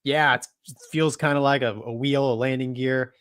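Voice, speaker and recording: A relaxed, joking male co-host with a middle-pitched voice, recorded dry and close. He chats casually about flying and breaks into easy laughter. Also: normal speed, smooth, dry recording. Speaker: co-host, former fighter and airline pilot. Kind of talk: casual aviation chat.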